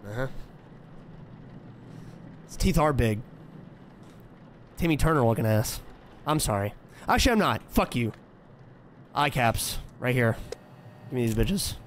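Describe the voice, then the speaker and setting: A young man streams a horror game let's-play, talking to himself, trash-talking the characters and swearing freely, then jumping to frantic yelling when scared. His medium-pitched voice is animated, at a measured pace with frequent pauses, over slight background noise.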